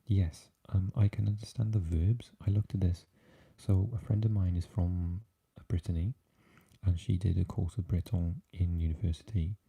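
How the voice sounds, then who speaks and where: A South Welsh man hosts an ASMR livestream in a very low, dark voice, half whispered and soft. His tone is breathy and husky, never crisp. He chats easily through viewer comments. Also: fairly even intonation, normal speed. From South Wales.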